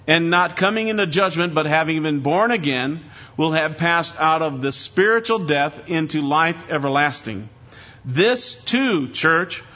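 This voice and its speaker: A man preaching a sermon as pastor, emphatic, rising to stress and dropping low. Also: bright, forceful tone, dull audio.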